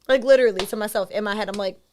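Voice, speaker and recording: A woman's voice: medium pitch, racing, a little hiss or hum. A woman as a podcast guest in casual chat, candid and profane, acting out her own inner voice. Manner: candid, profane, animated self-talk.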